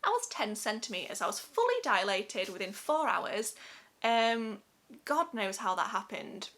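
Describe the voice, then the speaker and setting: A young woman from England talks to camera in a casual, heartfelt vlog. Her voice is bright and a touch high. She is chatty and open, laughing easily as she tells the story. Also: big pitch swings, unhurried. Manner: chatty, emotional, laughs often. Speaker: vlogger.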